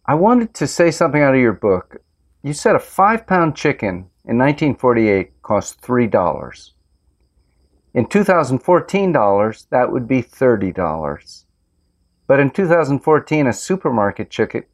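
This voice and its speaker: A man who farms organic tomatoes, hosting a casual interview and telling stories in an earnest, relaxed way. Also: mid-range voice, a little slow. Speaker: host, organic tomato farmer.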